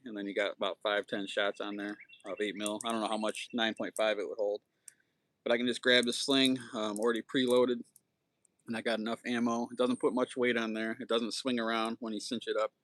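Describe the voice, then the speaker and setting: A man's voice: lowish voice, fairly bright tone. A man hosting a casual livestream, rambling in a laid-back way and saying "dude" and "man" a lot. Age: adult with children. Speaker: slingshot livestream host.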